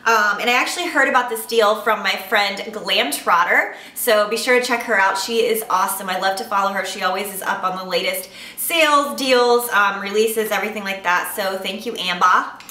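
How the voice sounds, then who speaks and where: Bright, chatty woman beauty vlogger. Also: medium pitch, moderate pace, few pauses, echoey room, recorded from a distance. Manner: chatty and upbeat, gushing over purchases. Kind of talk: casual haul chat to camera.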